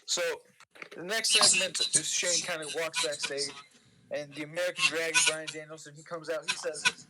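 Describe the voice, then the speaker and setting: A man hosting a podcast, chuckling and giving excited play-by-play recaps of a wrestling sim game in casual chat. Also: a little high, moderate pace, a loud crowd, poor audio.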